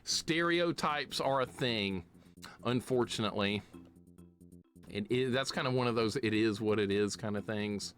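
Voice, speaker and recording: Male streamer, slight Southern US accent, excitable live play commentary, soft game music underneath. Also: lowish voice, a little slow. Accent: slight Southern US city accent. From southeastern United States. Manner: chatty, excitable, laughs often, greets chat.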